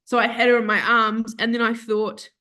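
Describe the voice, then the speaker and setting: A woman guest telling an emotional personal story, animated, acting out what she and others said and dropping to a soft hush at tender moments. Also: a little high, moderate pace. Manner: animated, quotes herself and others in lively voices. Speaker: podcast guest.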